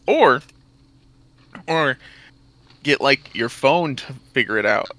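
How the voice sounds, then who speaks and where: A man's voice: mid-range voice, animated, takes it slowly, fairly bright tone. A man on a voice call giving matter-of-fact tech advice in casual banter before a tabletop game.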